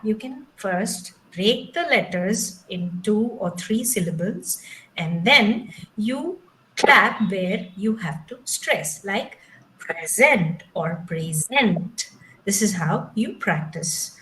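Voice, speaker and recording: A woman's voice: mid-range voice, lively intonation, fairly bright tone, slight background noise, poor audio. A woman whose first language is not English, teaching English pronunciation step by step in an online training session over a video call. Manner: slow, patient, explains step by step.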